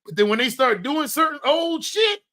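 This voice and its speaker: A man co-hosting a casual podcast, excitedly telling family stories and acting out his mother's lines. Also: very high voice, normal speed. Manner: excitable storyteller, acts out his mom's lines. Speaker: podcast co-host. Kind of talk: casual chat.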